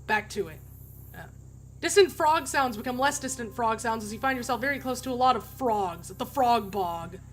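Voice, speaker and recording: A woman's voice: a little high, normal speed. A woman streamer playing a game, reading its text aloud with wry asides and frequent laughter. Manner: wry, chatty, laughs often.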